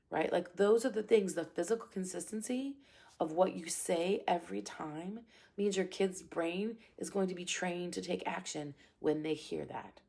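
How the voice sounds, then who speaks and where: Woman martial arts teacher, parenting advice; gravelly, husky delivery, calm but firm with repeated phrases. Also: fairly low pitch, normal speed. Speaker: karate instructor.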